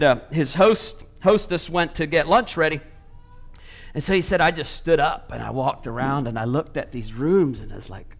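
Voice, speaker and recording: Guy preaching, pretty high voice, acts out the quotes in his story then pushes his point hard. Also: a bit bright. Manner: retells a story with quoted speech, rising into emphatic preaching. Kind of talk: sermon storytelling.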